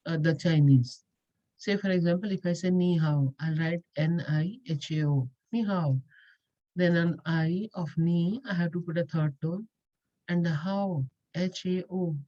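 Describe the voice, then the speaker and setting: A woman with a lowish, mellow voice gives a patient, step-by-step lecture and goes back over her key points. The recording is dull and lo-fi. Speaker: language teacher. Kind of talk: explanatory lecture.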